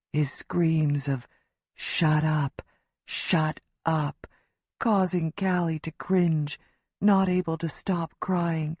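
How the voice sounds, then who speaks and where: A woman narrating a tense first-person audiobook in a measured, storytelling manner. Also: lowish voice, dark tone, no room sound, studio quality.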